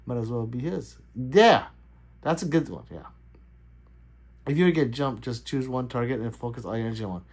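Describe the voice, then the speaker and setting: A man's voice: medium pitch, moderate pace, darkish tone. A middle-aged man hosting a casual livestream, laughing easily and answering his chat as it comes in. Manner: loose, laughing, chatty, reading out chat. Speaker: livestream host.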